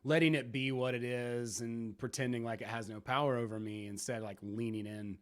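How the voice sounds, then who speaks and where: A man's voice: medium pitch, steady tone, fairly quick. A man in casual podcast conversation, musing in a reflective, rambling way with casual swearing.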